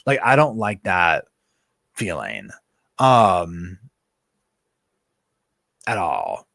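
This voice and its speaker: A man, hosting a casual live chat from home and telling animated stories full of fillers and asides. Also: low-pitched, extremely slow, vocal fry, dry recording, studio quality. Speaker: live stream host.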